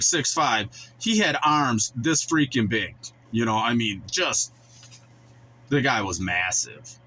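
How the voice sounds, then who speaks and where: Man in his forties, blunt casual storyteller, mid-pitched voice. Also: sharp tone, rough recording. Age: 40s. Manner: blunt, colloquial, acts out quoted voices. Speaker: vlogger.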